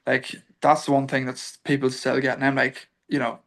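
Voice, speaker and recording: A man's voice: medium pitch, completely flat delivery, moderate pace, fairly bright tone. A young Irish man, a guest on a podcast, telling stories in an easygoing way with many restarts. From Ireland. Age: young adult. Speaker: guest, football kicker. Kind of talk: casual podcast interview.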